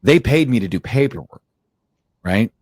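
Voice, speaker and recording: A man's voice: mid-range voice, expressive, moderate pace, a little mellow, dry recording. A man co-hosting a podcast in casual chat, blunt and swearing freely. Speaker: podcast co-host.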